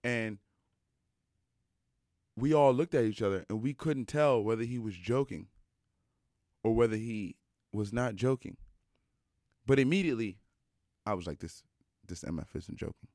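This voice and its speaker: A young adult man telling a personal story in a casual monologue, animated and emphatic, with many fillers. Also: mid-range voice, unhurried, pauses often, no room sound, studio quality.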